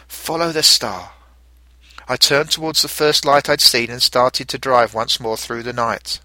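A middle-aged man tells a first-person story in a gentle, reflective way. His voice is very bright and forward. The recording is close and dry, with no room sound. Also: mid-range voice, moderate pace, no room sound. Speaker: narrator. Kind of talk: storytelling narration.

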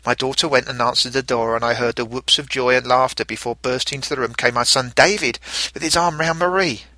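A middle-aged man narrating a first-person story in a reflective, gentle way. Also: mid-range voice, steady tone, a little fast, no echo.

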